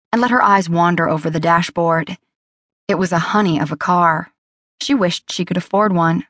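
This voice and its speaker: A woman reading a romance novel aloud as an audiobook narrator, in an even, measured storytelling manner. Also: lowish voice, no echo, studio quality. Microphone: close studio mic.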